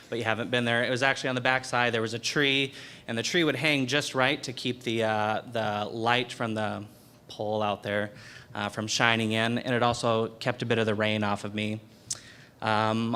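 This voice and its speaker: A young man giving a personal testimony in a university chapel, speaking earnestly and haltingly, often repeating words. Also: medium pitch, pushed and bright, clean tone. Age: young adult. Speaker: student speaker.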